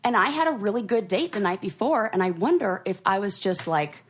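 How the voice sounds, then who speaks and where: A woman's voice: medium pitch, animated, brisk, slightly rough. A woman co-hosting a podcast in casual chat, talking loosely with lots of fillers and trailing sentences. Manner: chatty, many fillers, trails off. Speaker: podcast co-host.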